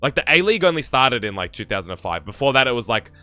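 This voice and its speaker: A man's voice: medium pitch, very animated, quick pace, pushed and bright, clear, resonant tone, no room sound, faint music behind. A young Australian man with an Australian accent, chatting on a live game stream and reading viewer comments aloud in a rambling way. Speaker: gaming streamer.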